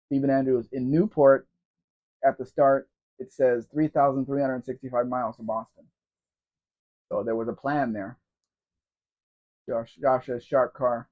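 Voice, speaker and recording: Male stream host with a sore throat, casual and rambling, reads out viewer comments, muffled lo-fi sound. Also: mid-range voice. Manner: chatty and rambling, addressing viewers by name. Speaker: live Q&A host. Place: at home in a room. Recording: dull lo-fi stream audio.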